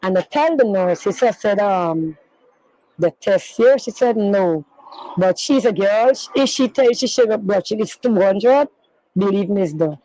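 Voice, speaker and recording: A middle-aged woman, a grieving mother, telling her story in an interview in a halting, rambling way, repeating herself and using non-standard grammar. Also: medium pitch, animated, warm tone, poor audio. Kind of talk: emotional personal recounting in an interview.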